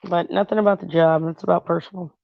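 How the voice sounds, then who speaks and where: A woman's voice: lowish voice, fairly even intonation, fast talker, gravelly, no room sound, lo-fi sound. A woman hosting her own channel, giving a casual tarot reading while chatting about a reality show, rambling with fillers and asides to viewers. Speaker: tarot reader and channel host.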